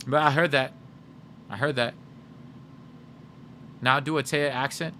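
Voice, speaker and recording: A man's voice: medium pitch, fairly even intonation, a little slow, pauses often, sharp tone, a little hiss or hum. A male game streamer in casual livestream chat, joking and chatty as he reads chat aloud.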